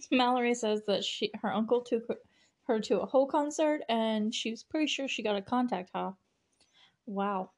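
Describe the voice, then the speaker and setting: A young woman chats through a show recap at her own podcast mic, loose and giggly. Her voice sits at an ordinary middle pitch, and she keeps dropping in "like" and "you know" between quoted bits. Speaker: podcast host.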